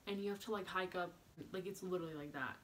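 A young woman vlogger telling a camping story in a chatty, animated way, full of "like" and quoted voices. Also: fairly low pitch, fast talker, slight background noise. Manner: chatty, animated, heavy use of "like". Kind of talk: story time vlog.

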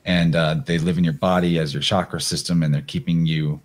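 Male presenter, low voice, casual talk, reads from slides between asides. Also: level tone, fairly quick. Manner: rambling, thinks aloud with fillers; reads passages aloud from slides. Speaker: podcast guest presenter.

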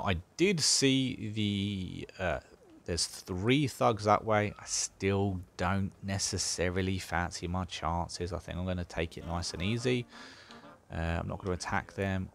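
A man's voice: low voice, gravelly. A man casually talking through a strategy game as he plays, thinking aloud with dry sarcasm. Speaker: gaming channel host. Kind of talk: casual gameplay commentary.

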